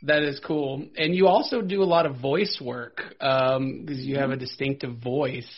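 A man's voice: medium pitch, steady tone, moderate pace, slightly rough, muffled recording. A man hosting a podcast, enthusiastic and rambling, laughing readily. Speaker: podcast host. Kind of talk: casual podcast interview.

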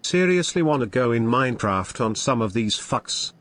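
A man's voice: medium pitch, expressive, normal speed. A man on a live stream, speaking bluntly and with a lot of swearing.

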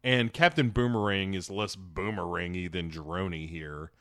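A man co-hosting a podcast, recapping a film in casual, animated chat and acting out lines in quick voices. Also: deep voice, dry recording, clean studio sound. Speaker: podcast co-host.

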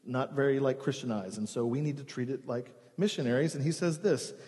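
A man's voice: mid-range voice, fairly quick, hardly any pauses, darkish tone. A male pastor preaching a sermon in an earnest, conversational way, sometimes restarting words. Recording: long reverb in a church hall.

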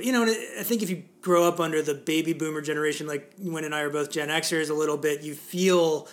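A man in his forties talks loosely about films as a podcast co-host, circling back with filler words and restarts. His voice sits a little higher than most men's. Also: fairly quick, few pauses. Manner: rambling, many fillers and restarts. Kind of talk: casual chat.

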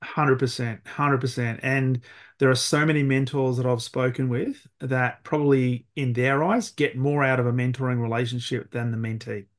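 Reflective male podcast host. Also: mid-range voice. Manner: reflective, halting restarts. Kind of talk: casual interview talk.

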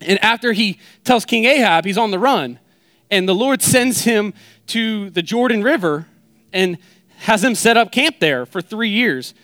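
A young pastor with a high, light voice preaches in a relaxed, conversational way. He retells scripture with playful asides to the congregation. The sound is dry and close, with no room around it. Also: a little slow, dry recording. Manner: softens into a hushed prayer. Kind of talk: sermon.

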